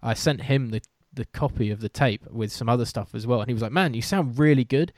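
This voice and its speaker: A man's voice: mid-range voice, fairly quick, a little mellow, no echo, studio quality. A British man hosting a casual chat, a sports commentator who talks in a loose, self-deprecating way with many restarts.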